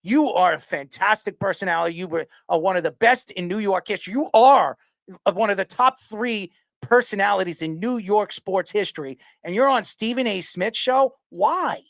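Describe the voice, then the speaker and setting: A man hosting a sports podcast who rants loudly and passionately, arguing hard and often raising his voice. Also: sits high, normal speed, creaky, no echo. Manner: loud, passionate, yells his arguments. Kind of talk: heated sports talk rant.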